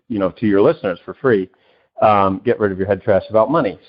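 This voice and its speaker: Animated man telling coaching stories. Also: on the low side, dull audio. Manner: animated, acts out quoted people with a raised voice; loose, with many "you know" fillers. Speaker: podcast guest, success coach and author. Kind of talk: conversational interview storytelling.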